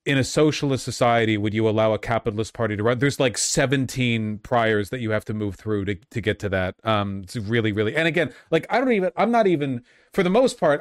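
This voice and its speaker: A man's voice: mid-range voice, no echo. A man giving casual, rambling commentary on a debate clip, full of dry sarcastic asides and filler words. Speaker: streamer reacting to a debate clip.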